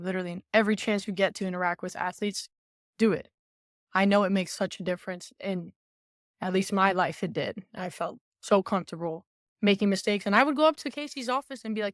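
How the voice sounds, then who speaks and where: A young woman, a former college volleyball player, talking as a podcast guest in an outgoing, animated way, acting out quoted remarks. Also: medium pitch, fairly quick, no echo, studio quality. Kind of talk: casual podcast conversation.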